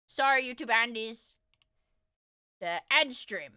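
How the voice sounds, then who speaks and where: A woman streamer chatting casually to her live viewers while reacting to a video, excitable and rambling, often breaking off to apologize. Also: fairly high pitch, slow pace, long pauses, smooth.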